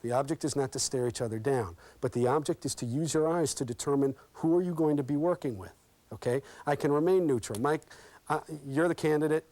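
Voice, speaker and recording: A man leading an interview skills workshop, talking in a lively, interactive way and acting out examples with his audience. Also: fairly high pitch, brisk, no echo. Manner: lively and interactive, checks in with "okay?" constantly; folksy and animated, acts out examples. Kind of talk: live workshop talk with role-play demonstrations.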